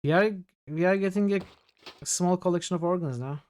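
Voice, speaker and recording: A man's voice: high-pitched, brisk, a little mellow. A man streaming a role-playing game, reading its text aloud and chatting casually with his viewers.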